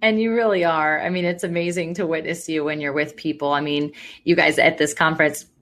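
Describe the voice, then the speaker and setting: A woman hosting a podcast, reacting warmly and affirming what her guest says. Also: on the low side. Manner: warm and affirming, reacts with laughs. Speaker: podcast host. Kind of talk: casual interview chat.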